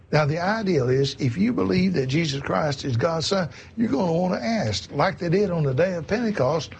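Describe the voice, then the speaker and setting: A man's voice: on the high side, animated, normal speed, gravelly, few pauses, husky. A man preaching a sermon in an earnest, repetitive way, often calling his listeners "my friends".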